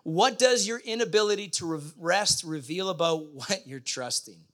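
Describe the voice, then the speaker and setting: A man's voice: high-pitched, moderate pace, a bit bright. A middle-aged man preaching a sermon in a conversational way, often putting questions to the congregation. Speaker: pastor.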